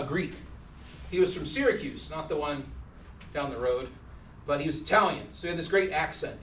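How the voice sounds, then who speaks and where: A man's voice: a little high, fairly bright tone, slight background noise. A man giving a university lecture in a casual, joking manner, acting out the people he quotes. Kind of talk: classroom lecture. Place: lecture hall. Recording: echoey lecture hall from a distance.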